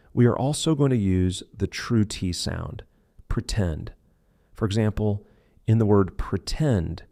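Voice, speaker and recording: A man reading aloud an English pronunciation lesson in steady narration. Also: lowish voice, vocal fry, dry recording, studio quality.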